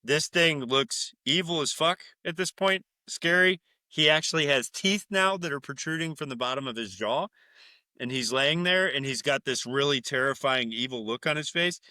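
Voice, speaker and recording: Male podcast co-host, casual and crude, bright tone, dry close sound. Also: on the high side, no echo. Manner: rambling, profane, laughing loudly, mimicking characters. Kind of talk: casual chat recapping a film.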